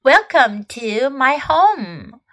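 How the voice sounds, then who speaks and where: A woman's voice: high voice, very animated, takes it slowly, fairly bright tone. A woman English teacher patiently explaining phrases in a bilingual lesson, repeating each one for learners.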